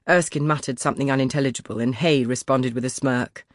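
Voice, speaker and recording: A man reading a first-person historical audiobook in a measured, expressive storytelling manner, close to the microphone. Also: mid-range voice, no echo. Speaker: audiobook narrator. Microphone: close studio mic.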